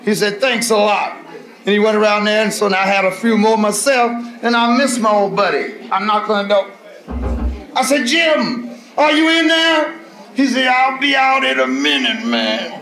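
A man with a very high voice tells animated stand-up stories in a live club. He acts out every character himself, and the room around him is echoey. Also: moderate pace. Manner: animated, acting out both sides of each story. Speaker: stand-up comedian.

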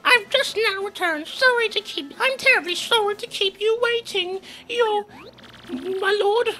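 Kammy Koopa, as a man puts her on: prim shrill old witch. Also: a little slow, sharp tone, full character voice, low-quality recording. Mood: fawning. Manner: prim, overly polite and proper. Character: fawning old female witch servant.

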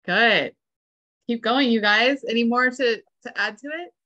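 A woman's voice: on the high side, unhurried, bright, forceful tone. A woman instructor leading a class discussion, encouraging and affirming her students. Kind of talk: seminar discussion.

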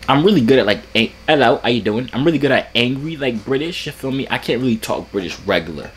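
A man hosting a casual vlog, talking in a relaxed, rambling and slangy way. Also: medium pitch, fast, husky. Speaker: YouTuber host.

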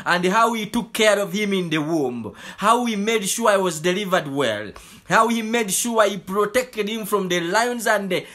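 A man delivers a fervent sermon in a high, bright voice. He preaches at an unhurried pace, circling back to the same phrases again and again. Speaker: pastor.

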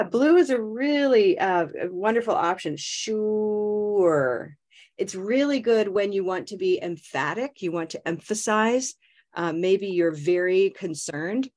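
Lady teacher on a video call, slow and careful, says each word again and again, lowish voice. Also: darkish tone. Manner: models words slowly and repeats them. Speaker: English pronunciation teacher. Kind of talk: online pronunciation lesson.

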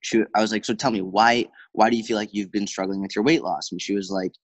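On a dry, rough recording, a man with a voice on the low side speaks. He's a fitness coach in a conversational interview, a fast, animated storyteller who quotes dialogue and uses lots of fillers.

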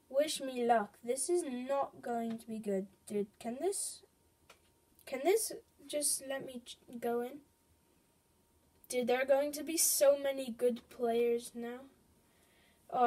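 A woman hosting a casual gaming video at home, nervous and excitable, swinging from loud outbursts to hushed mutters. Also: on the high side, takes it slowly, long pauses.

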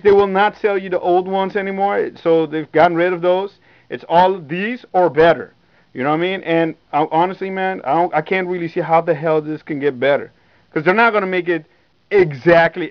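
Excited young man, dull dry home recording. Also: high-pitched, fairly quick, no room sound. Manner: excited, profane, repeats himself. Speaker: sneaker reviewer. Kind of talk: casual unscripted vlog. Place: indoors at home.

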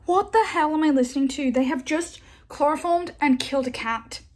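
A woman's voice: high-pitched, moderate pace, a little mellow. A woman vlogger chatting casually to camera, ranting in a blunt, exasperated way. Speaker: book vlogger. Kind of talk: casual vlog chat.

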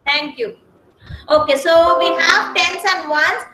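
A woman with an Indian English accent teaching a kindergarten class online, speaking slowly and patiently and spelling words out letter by letter. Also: very high voice, sharp tone, reverberant, slight background noise, poor audio. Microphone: video call.

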